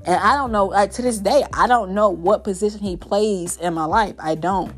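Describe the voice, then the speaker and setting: A woman's voice: medium pitch, moderate pace, slightly rough. Give me a young woman in a candid, rambling solo podcast monologue with faint background music. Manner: candid, rambling, many "like" fillers.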